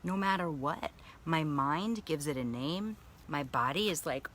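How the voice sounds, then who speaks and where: A woman with a low voice talks frankly on a live stream and swears freely as she reflects on her own feelings. She breaks off now and then to welcome viewers by name, and there is a faint hiss behind her. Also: expressive, measured pace, fairly bright tone. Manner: candid, profane, self-reflective, greets viewers by name. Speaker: spiritual coach. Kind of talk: live video monologue. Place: sitting in a baby pool.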